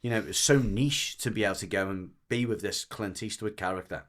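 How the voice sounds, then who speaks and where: A man from the UK, a dog trainer guesting on a podcast, telling a story in rambling, animated casual chat full of restarts. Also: lowish voice, a little fast. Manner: rambling and animated, with frequent restarts and lively mimicry of others.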